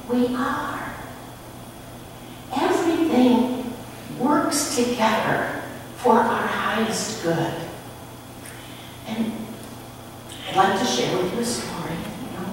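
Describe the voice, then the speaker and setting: A woman minister telling a story in a sermon, slowly and expressively in a church sanctuary. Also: a little high, recorded from a distance. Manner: slow, expressive storytelling with lively rises. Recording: echoey hall from afar, faint noise.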